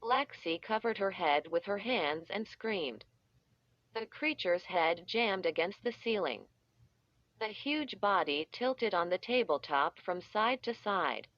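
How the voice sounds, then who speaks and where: A woman reading a children's story aloud in a deliberate way, stretching out the sound effects, with dull, slightly muffled audio. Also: mid-range voice, expressive, fairly bright tone, no room sound. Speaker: audiobook reader. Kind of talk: scripted storybook narration.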